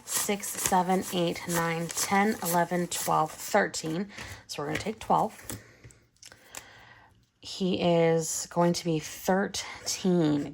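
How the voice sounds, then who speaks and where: A woman in her thirties chatting casually and giggling while she counts cash for budget savings, her voice trailing off into soft counting. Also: fairly low pitch, creaky. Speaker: budgeting vlogger.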